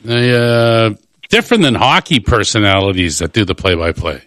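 Bright-voiced male radio host. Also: lowish voice, animated, normal speed, no echo, clean studio sound. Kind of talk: casual radio chat.

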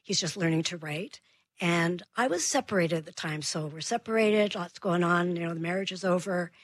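Husky-voiced woman telling a parenting story. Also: lowish voice, moderate pace, no room sound. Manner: animated, acts out her own and her son's lines. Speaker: child behavior expert guest. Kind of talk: radio interview storytelling.

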